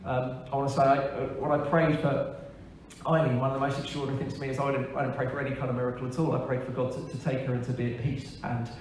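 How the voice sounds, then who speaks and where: A man, a pastor, giving a frank, earnest testimony in a church service, with pauses and hesitations. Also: mid-range voice, flat delivery, a little mellow, slight background noise. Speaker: church pastor on leave, interviewee. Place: large echoey church hall. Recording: echoey hall, distant mic, faint ambience.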